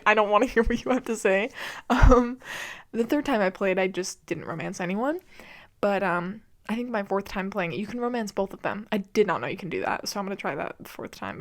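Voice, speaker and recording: A woman hosting a podcast, ranting casually and with disbelief about a video game, laughing often and swearing freely. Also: medium pitch. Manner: incredulous, exasperated, laughs often. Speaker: podcast host.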